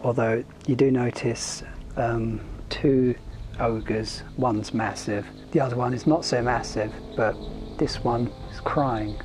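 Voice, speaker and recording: Slow, giggly young game master. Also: male voice, medium pitch, fairly even intonation, a little mellow, slight background noise. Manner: giggly, laid-back. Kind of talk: casual tabletop narration.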